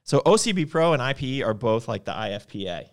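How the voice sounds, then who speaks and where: A man's voice: mid-range voice, sing-song, quick pace, no room sound, studio quality. A man co-hosting a casual livestream chat, rambling and correcting himself as he goes. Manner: rambling, loose, self-correcting. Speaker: podcast co-host and supplement brand owner.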